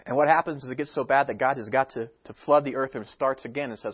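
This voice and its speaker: A man's voice: mid-range voice, fast talker, few pauses. A man preaching a sermon, emphatic, with rhetorical questions and acted-out quotes, heard on a dull lo-fi recording. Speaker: pastor. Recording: dull lo-fi sound.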